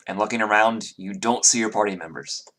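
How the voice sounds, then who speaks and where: A man narrating a tabletop game as dungeon master, halting with many ums and restarts. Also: fairly low pitch, sharp tone.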